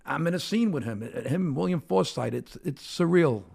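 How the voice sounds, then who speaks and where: A man in his sixties from Brooklyn, talking with a gravelly, fry-laden voice. His pitch sits a touch high for a man. He delivers brash, wisecracking anecdotes in a casual podcast chat. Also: expressive, moderate pace, darkish tone. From Brooklyn, New York. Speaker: stand-up comedian, guest.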